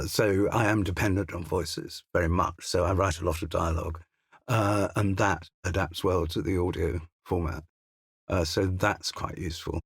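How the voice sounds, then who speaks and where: A man's voice: low voice, slightly rough, no room sound. An older English man, a crime novelist, chatting as a studio guest with a hesitant, self-deprecating manner full of restarts and asides. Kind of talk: casual interview chat. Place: recording studio.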